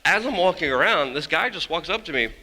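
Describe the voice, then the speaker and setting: A man, a journalist, giving an energetic, blunt storytelling talk on a conference stage, swearing casually as he goes. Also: a little high, fairly quick. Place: large conference hall stage. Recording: long hall reverb.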